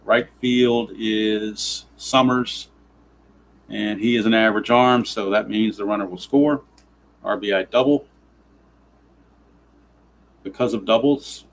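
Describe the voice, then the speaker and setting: A man's voice: on the low side, fairly even intonation, slow, long pauses, low-quality recording. A man narrating a tabletop baseball simulation in play-by-play style, grumbling with sarcastic exasperation at the dice.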